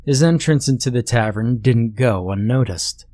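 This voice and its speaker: A man reading a horror story aloud as scripted narration, steady and measured. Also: mid-range voice, no room sound.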